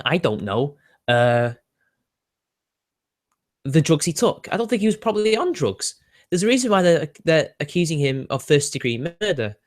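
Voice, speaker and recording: A young British man with a British accent, hosting a casual livestream and answering chat with sardonic asides and frequent laughs. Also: fairly high pitch. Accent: British English. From Britain. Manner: chatty, sardonic, laughs often, answers viewer questions. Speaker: livestream host reading chat.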